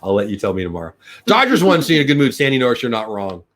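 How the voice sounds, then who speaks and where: Middle-aged guy hosting a live stream, talks fast, rambles, cheery, shouts out the chat. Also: medium pitch, very animated. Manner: rambling, upbeat, thanks viewers by name. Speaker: host of a daily live news show.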